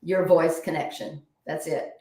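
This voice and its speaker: A woman guest author explaining ideas in an animated, expressive way, often checking in with "right?". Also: deep voice, measured pace, reverberant, distant mic. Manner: animated, acts out phrases, keeps asking "right?".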